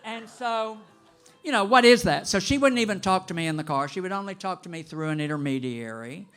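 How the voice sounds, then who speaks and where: A man in his late sixties telling a personal story to a live audience, animated and gossipy, with dramatic pauses. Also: high-pitched, clean tone, faint music behind. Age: 60s.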